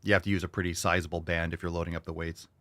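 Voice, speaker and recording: Man, very low voice, dry close recording, blunt joking fitness host, casual swearing. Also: flat delivery, rapid-fire, a bit bright, dry recording. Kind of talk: casual solo chat answering listener questions.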